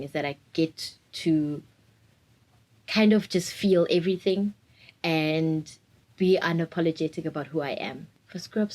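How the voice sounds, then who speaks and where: In a low-quality recording, a woman in her 20s with a low voice talks openly and reflectively in a candid personal interview, laughing often.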